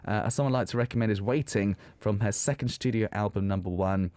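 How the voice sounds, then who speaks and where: A man's voice: fairly low pitch, fast talker, darkish tone, dry recording. A man co-hosting a radio music show, reading an enthusiastic album review and chatting. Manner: enthusiastic, reads in long fluent sentences. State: out of breath. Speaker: radio co-host. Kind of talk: reading a prepared album review, then casual chat.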